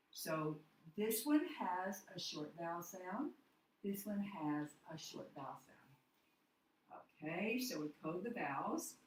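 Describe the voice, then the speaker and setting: A woman teaching a phonics lesson, walking through each step slowly and spelling out words letter by letter. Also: on the low side, slight background noise. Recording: echoey room, voice from far off the mic.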